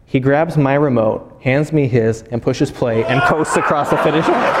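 A man, a pastor, preaching a sermon as animated storytelling and acting out voices. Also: fairly high pitch, moderate pace, hardly any pauses, in a large hall, over a noisy crowd.

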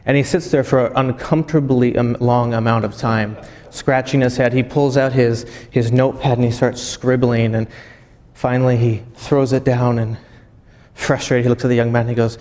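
A man preaching a sermon. He tells a long story, halting and often repeating words as he goes. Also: medium pitch, fairly even intonation, a little mellow. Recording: long hall reverb.

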